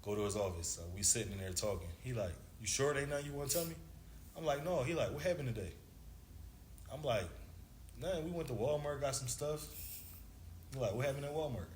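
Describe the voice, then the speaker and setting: Here a former basketball player in his thirties, laid-back and slangy, acts out the dialogue of a long story. His medium-pitched voice is expressive and a little mellow, moving quickly but pausing often. Faint background noise and room echo surround him.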